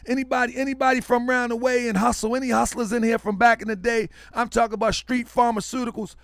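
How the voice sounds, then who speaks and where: A man with an unusually high, gravelly voice speaks. He hosts a livestream and talks to his viewers loudly and restlessly, repeating himself for emphasis. The sound is dry and close. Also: flat delivery, fast talker, hardly any pauses, no echo. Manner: loud, rambunctious, repeats himself a lot; preachy, calls listeners family. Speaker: online show host. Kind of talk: livestream commentary talking to viewers.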